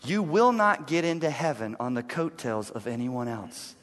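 A male pastor preaching a sermon in a church, emphatic, repeating key lines and dropping to a low, intense hush. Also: animated, moderate pace, long reverb tail. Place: church sanctuary.

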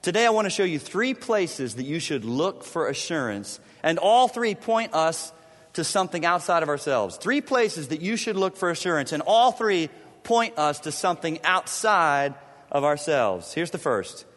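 A pastor preaching a sermon, emphatic and repetitive, swinging between loud stressed words and hushed low drops. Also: male voice, big pitch swings, normal speed, big-room sound. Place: church sanctuary.

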